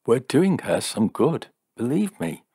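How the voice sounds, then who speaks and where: A man's voice: medium pitch, very animated, measured pace, mellow, husky, no echo, studio quality, pitched above the performer's own voice, heavily acted. A man doing a scoffing, sarcastic skeptic. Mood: mocking. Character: scoffing, mocking middle-aged man, a skeptic. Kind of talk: audiobook character voice.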